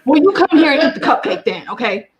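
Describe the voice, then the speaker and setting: Female host, casual chat, animated, quick bursts, higher register. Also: highs cut off, a loud crowd.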